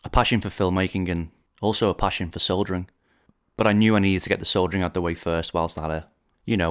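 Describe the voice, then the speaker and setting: A man in his forties from Liverpool tells his story as a podcast host, in a very low, deep voice. He speaks in a measured, reflective way, with a polished radio delivery he calls posh. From Liverpool, England. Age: 40s. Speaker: documentary director and podcast host. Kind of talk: scripted podcast narration.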